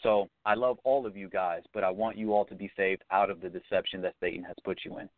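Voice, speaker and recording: A man with a low voice gives an earnest, preacherly testimony as a guest, pausing on fillers now and then. The sound is dry and close, with no room echo. It comes through a narrow, tinny phone-like line. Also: steady tone. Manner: sincere, preacherly, hesitant with fillers.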